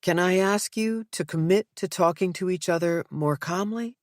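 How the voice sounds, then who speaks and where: A woman voicing a calm female therapist in an audiobook, gentle and measured. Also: on the low side, no echo, studio quality, voice pushed up, close to an everyday voice.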